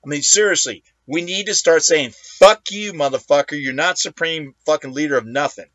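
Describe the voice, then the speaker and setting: A man's voice: on the high side, fairly quick, fairly bright tone, no echo, highs cut off. A man hosting his own talk show, delivering a profane, combative political rant. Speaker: host.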